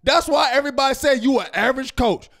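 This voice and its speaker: A fan-show host with a strikingly high voice, ranting in a loud, fired-up way. He keeps repeating himself and breaks into yelling. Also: fast. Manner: loud, fired-up, repetitive, yells at times. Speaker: sports reaction show host. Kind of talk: heated fan rant.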